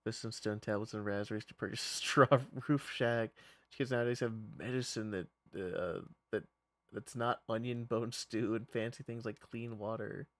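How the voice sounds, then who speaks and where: A grumbling, high-strung old man, put on by a man, sounds squeezed and tense in the throat. He rambles and scoffs at how soft things have become, muttering rather than projecting. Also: fairly even intonation, moderate pace, no room sound, lightly acted. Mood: scoffing. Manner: rambling, scoffing at modern times. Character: grumpy high-strung old man, impression of a comedy character.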